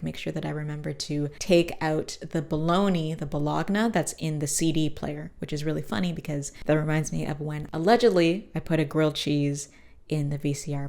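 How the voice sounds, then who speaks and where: Woman, deep voice, chatty recap, acts out characters' lines, podcast host. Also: a little mellow. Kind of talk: casual episode recap.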